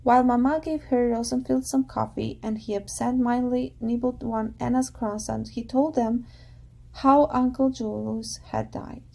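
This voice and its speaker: A woman teacher who calmly and patiently guides her class, summarizing a chapter and reading a novel aloud. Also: a little high, normal speed, gravelly. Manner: calm, patient, guiding students.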